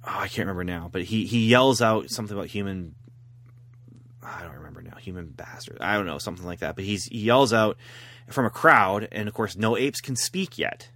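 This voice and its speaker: A man's voice: deep voice, a little fast, a bit bright, no echo. Man chatting casually, dry close sound. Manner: rambling storyteller who laughs at his own jokes. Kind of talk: casual chat.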